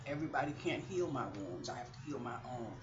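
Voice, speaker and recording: A woman's voice: a bass voice, fast talker, noisy background. Woman vlogger, middle-aged, chatty and rambling, recorded in an echoey room with dull sound. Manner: chatty, rambling, animated storytelling. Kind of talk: casual chat to viewers. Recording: roomy and slightly muffled.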